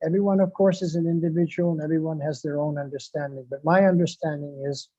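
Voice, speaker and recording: Husky-voiced man giving a devotional sermon. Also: a little high, steady tone, quick pace, warm tone, no room sound. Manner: repeats phrases for emphasis, recites Sanskrit verses. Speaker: devotional speaker. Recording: dull lo-fi, dry sound.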